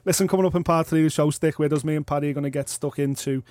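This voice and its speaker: A man hosts a sports talk radio show, rattling through questions and links quickly. His voice is fairly high for a man, and the studio is dry with no room echo. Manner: energetic presenter, fast links.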